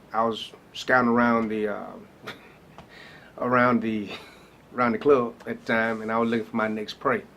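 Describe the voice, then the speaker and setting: A man's voice: medium pitch, a bit bright, slight background noise. A man, a pastor telling his personal story in a loose, casual way with many fillers. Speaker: pastor and rapper.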